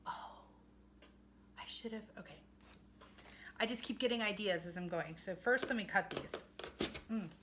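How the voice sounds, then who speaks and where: A woman's voice: mid-range voice, very noisy. Chatty woman cooking in her kitchen. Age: 40s. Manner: chatty, self-mocking, talks to viewers while working. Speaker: home cooking vlogger. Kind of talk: casual kitchen vlog. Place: home kitchen.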